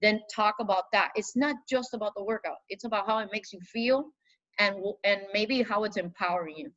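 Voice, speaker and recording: A woman's voice: medium pitch, a little fast, fairly bright tone, dry recording, highs cut off. A woman hosting a mentorship video call, talking in a direct, coaching way. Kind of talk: casual video call talk.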